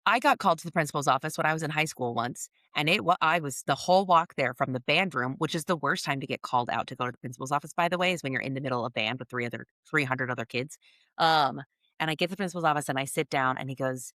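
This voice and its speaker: A woman with a somewhat low voice co-hosts a casual podcast, telling lively stories and laughing often. Her sound is dry and close, with no room around it. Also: quick pace, no room sound. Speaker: podcast co-host and coach. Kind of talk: casual conversational storytelling.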